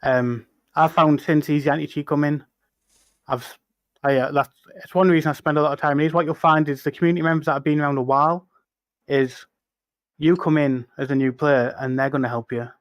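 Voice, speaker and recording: A man's voice: on the high side, fairly even intonation, brisk, dry recording, studio quality. A man, a guest on a casual podcast, explaining things in an earnest, patient way.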